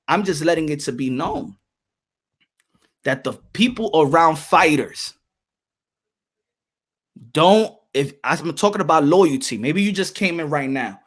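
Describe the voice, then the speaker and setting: A man's voice: fairly high pitch, lively intonation, measured pace, pauses often, fairly bright tone. A man hosting a boxing livestream, ranting heatedly and profanely as he talks to his chat. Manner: heated, profane, repeats himself. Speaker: boxing commentator. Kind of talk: livestream rant reading chat.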